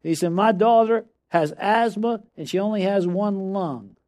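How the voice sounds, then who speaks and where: A man preaching a sermon, telling a story and then building to loud, emphatic declarations, often calling out "come on now.". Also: sits high, unhurried. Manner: repeats "come on now" to the audience.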